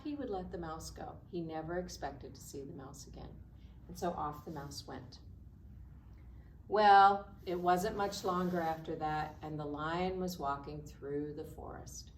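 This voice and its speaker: A woman librarian reads a story aloud to children in a slow, animated storytelling voice. Her voice sits a little low. She is recorded in an echoey library room, some distance from the mic, over faint background noise. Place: public library branch.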